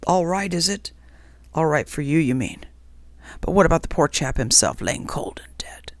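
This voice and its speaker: A woman's voice: deep voice, lively intonation, normal speed, dry recording. A woman voicing a coarse, resentful male ghost in whispered role-play, grumbling and self-righteous. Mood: aggrieved.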